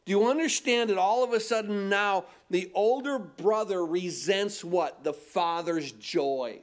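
Male pastor, high voice, emphatic sermon delivery with rhetorical questions. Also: unhurried. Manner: emphatic, repeats phrases and asks rhetorical questions.

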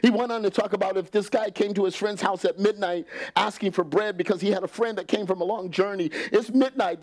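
In a church, a man with a voice that sits high preaches an animated sermon, laughing often. He acts out quotes and sometimes drops to a whisper.

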